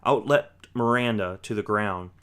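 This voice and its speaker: A man reading a rhyming children's book aloud with a rhythmic, expressive delivery. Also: lowish voice, unhurried, clean tone. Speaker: storyteller.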